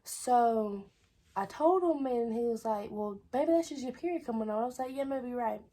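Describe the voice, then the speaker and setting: Husky young woman telling a story. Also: fairly high pitch, animated, moderate pace, dark tone. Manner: chatty, repeats "I was like". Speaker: vlogger. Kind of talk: casual storytelling.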